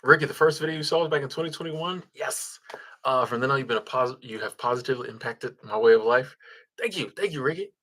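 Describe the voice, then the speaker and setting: This livestream host is a man whose mid-range voice sounds fairly bright and moves at a quick pace. Easygoing and chuckling, he reads out comments from viewers and thanks his supporters, stumbling through lots of ums and restarts.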